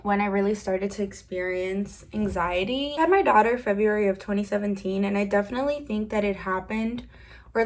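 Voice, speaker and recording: Young woman in a rambling candid chat. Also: mid-range voice. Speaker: beauty vlogger. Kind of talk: casual chat while doing makeup.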